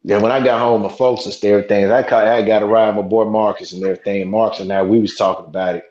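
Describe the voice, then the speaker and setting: A man's voice: on the low side, little pitch movement, quick pace, a little mellow, dull audio. Rambling man telling a story, roomy sound. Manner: rambling, many restarts, cursing. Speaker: podcast host. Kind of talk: casual storytelling chat.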